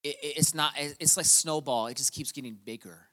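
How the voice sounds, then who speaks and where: A middle-aged man preaching a sermon as a pastor, telling stories and swinging from quiet asides to loud repetition. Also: on the high side, moderate pace. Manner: storytelling, swings from quiet to shouting. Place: church hall. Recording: long hall reverb.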